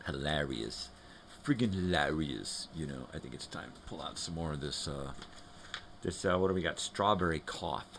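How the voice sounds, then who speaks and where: An extremely deep-voiced man hosts a live morning show from his home. He chats loosely and rambles, breaking off to talk to his dogs. A faint hiss sits behind his voice. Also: lively intonation, moderate pace, creaky, fairly bright tone. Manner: loose and chatty, talks to his dogs between thoughts. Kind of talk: casual rambling chat.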